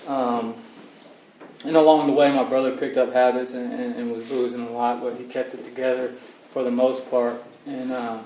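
A man's voice: mid-range voice, level tone, dark tone, a little hiss or hum. Earnest man telling his recovery story, roomy and distant. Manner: halting, earnest, many restarts, says "man" a lot. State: emotional. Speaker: recovering alcoholic sharing at a meeting. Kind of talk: personal recovery testimony. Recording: roomy echo, far from mic, faint ambience.

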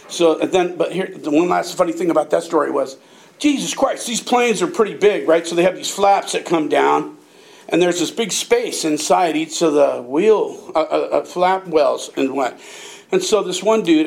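Gravelly older man telling a story. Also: high voice, normal speed. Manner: profane, rambling, laughing as he talks. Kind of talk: casual anecdote.

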